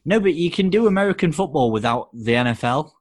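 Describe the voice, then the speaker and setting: A man's voice: fairly high pitch, lively intonation, fast, no room sound, clean studio sound. A man co-hosting a podcast, chatting in a laid-back, joking way. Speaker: podcast co-host. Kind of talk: casual chat.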